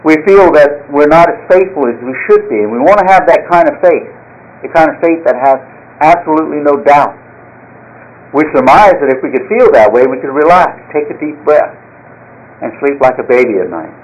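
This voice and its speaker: A man's voice: on the high side, expressive, moderate pace, a little mellow. A man preaching a sermon as pastor, folksy and earnest, opening with a joke story. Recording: slightly dull lo-fi sound.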